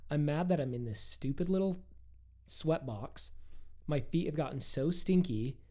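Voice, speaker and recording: A man's voice: a little high, lively intonation, measured pace, mellow. A man co-hosting a podcast in casual chat, telling stories in a jokey, wry way. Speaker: podcast co-host.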